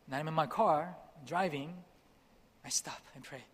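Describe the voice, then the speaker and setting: A young man from Korea telling a personal testimony as a missionary speaker, animated and acting out the dialogue. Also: on the high side, moderate pace. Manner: animated, acts out dialogue, laughs at himself. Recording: long hall reverb.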